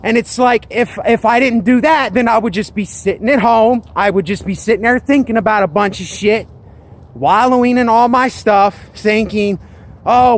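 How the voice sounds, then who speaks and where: A man talking earnestly and emphatically in a personal vlog, circling back to his points. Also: sits high. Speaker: vlogger.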